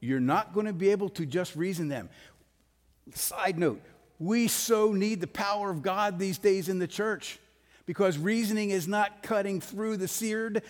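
Emphatic pastor in a reverberant hall. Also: male voice, sits high, a little slow. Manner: blunt, emphatic, rising to forceful peaks. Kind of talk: sermon.

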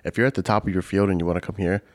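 A man's voice: low-pitched, fairly even intonation, racing, no echo. A man co-hosting a podcast in casual movie-review chat, laid-back with short remarks. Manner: laid-back, brief interjections. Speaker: podcast co-host.

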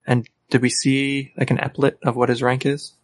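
A man's voice: medium pitch, little pitch movement, fairly quick, no echo. A man playing a tabletop game who asks the game master clarifying questions. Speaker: player.

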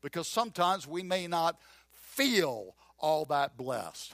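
A man preaching a sermon as pastor, emphatic and animated, repeating key phrases and acting out doubting voices. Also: fairly high pitch, slow pace, vocal fry, dry recording, studio quality. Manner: acts out voices of a doubting listener and a drawling Gideon.

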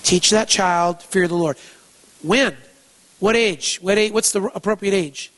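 A man's voice: high voice, unhurried, fairly bright tone, rough recording. A man preaching a sermon, emphatic, asking rhetorical questions and repeating key phrases. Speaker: pastor.

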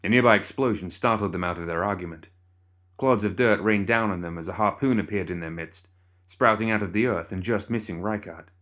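A man narrating a story in a measured, even way. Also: on the low side. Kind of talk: scripted narration.

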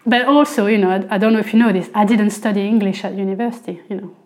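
A woman's voice: medium pitch, racing, a little mellow. French woman chatting in an interview. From France. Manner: chatty, frequent "you know" fillers. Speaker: guest. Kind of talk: casual interview chat.

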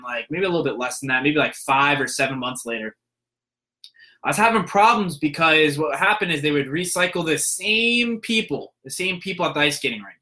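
Young guy telling a story, kinda high bright voice, lots of restarts and ums. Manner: rambling, many restarts and fillers, acts out quoted voices. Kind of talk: casual monologue.

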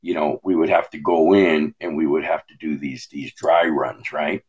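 A man's voice: very deep voice, steady tone, moderate pace, breathy edge, lo-fi sound. A man sharing a personal testimony in a rambling storytelling way, with many fillers and restarts.

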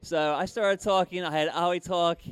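A man with a slightly high voice tells a story about his act as a comic and ventriloquist, animated and quick to restart his sentences. The sound is dry and close, with no room around it. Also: clear, resonant tone, dry recording. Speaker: comedian and ventriloquist guest. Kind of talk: casual storytelling.

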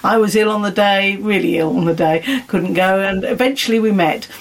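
A woman's voice: mid-range voice, normal speed, poor audio. A woman, a guest archaeologist and lecturer, telling stories in conversation and acting out the dialogue. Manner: animated, acts out dialogue in her stories. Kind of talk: conversational storytelling.

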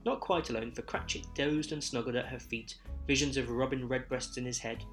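A man's voice: medium pitch, fairly even intonation, fairly bright tone. Man reading a verse story over guitar. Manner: measured, rhythmic storytelling. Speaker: narrator.

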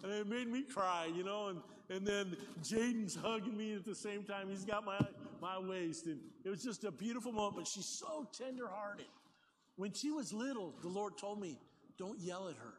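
High-voiced older male pastor preaching. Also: normal speed, a little hiss or hum. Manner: conversational, animated, folksy asides. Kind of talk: sermon. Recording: long hall reverb, faint ambience.

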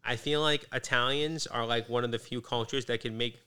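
Bright, clear-voiced male podcast host. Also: mid-range voice, fairly quick. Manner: relaxed, laughs often, asks questions. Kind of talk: casual chat.

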